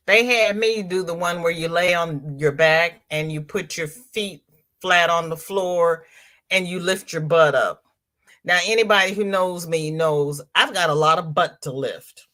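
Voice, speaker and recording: A woman's voice: deep voice, bright, forceful tone. A woman with a Southern American accent hosting a casual crochet livestream, chatting, repeating herself and greeting viewers by name. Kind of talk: casual livestream chat reading comments.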